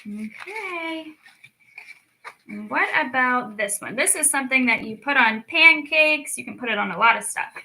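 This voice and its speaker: A woman leading a children's storytime lesson, speaking slowly and clearly with encouraging teacher talk. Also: high voice, expressive, bright, forceful tone, poor audio. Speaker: speech clinic storyteller.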